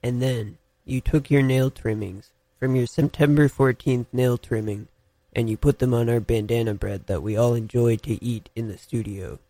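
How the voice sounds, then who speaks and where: A man's voice: mid-range voice, fairly even intonation, moderate pace, mellow, no room sound. Young male co-host, teasing and mock-serious, dry close-miked voice. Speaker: podcast co-host. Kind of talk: playful casual banter.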